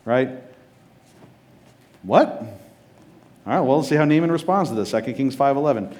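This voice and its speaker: A man's voice: mid-range voice, expressive, normal speed, darkish tone. A man preaching a sermon as pastor, casual and joking, often checking in with his listeners.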